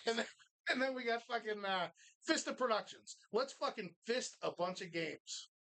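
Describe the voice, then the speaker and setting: A man's voice: sits high, lively intonation, a little slow, pushed and bright. A man hosting a live bar podcast, joking crudely and rambling through sponsor reads. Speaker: podcast host. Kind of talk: crude casual banter.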